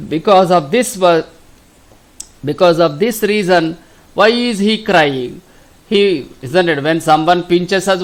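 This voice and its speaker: A middle-aged man from India with a Telugu accent, giving a slow classroom lesson that repeats each question and answer. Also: a little high. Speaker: teacher.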